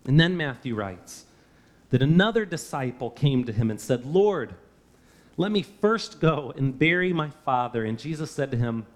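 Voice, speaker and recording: A man's voice: medium pitch, animated, normal speed. A man preaching a sermon, earnest and emphatic, often asking the listeners rhetorical questions. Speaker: pastor.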